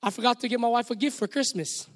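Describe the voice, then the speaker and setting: A Hawaiian-accented man preaches with a strikingly high voice, leading the congregation in call-and-response. His words ring out through a long reverberant hall. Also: fast talker, fairly bright tone. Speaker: pastor. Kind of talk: sermon. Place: church sanctuary.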